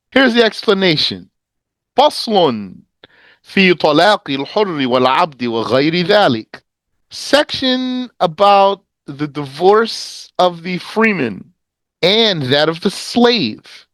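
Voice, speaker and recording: A man teaching a lesson on a legal text, reading passages briskly, translating them slowly and quizzing his students in a conversational manner. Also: high voice, no echo. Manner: lively, explanatory, conversational. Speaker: teacher of Islamic law.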